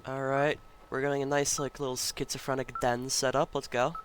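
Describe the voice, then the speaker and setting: A man's voice: mid-range voice, level tone, brisk, background noise. A man giving offhand, joking let's play commentary while he plays, over game music. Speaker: gaming commentator.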